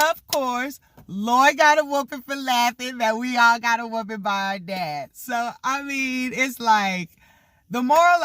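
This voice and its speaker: With a mid-range, slightly bright voice and no echo in the recording, an adult vlogger rambles through a story from childhood. The delivery is casual and stuffed with "like" and "you know" fillers, broken up by laughs now and then.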